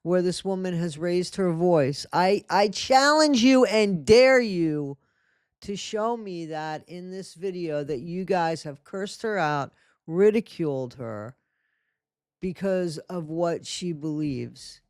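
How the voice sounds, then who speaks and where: A man's voice: sits high, expressive, takes it slowly, smooth, dry recording, clean studio sound. A man hosting a commentary channel, reacting indignantly and scolding the people he addresses.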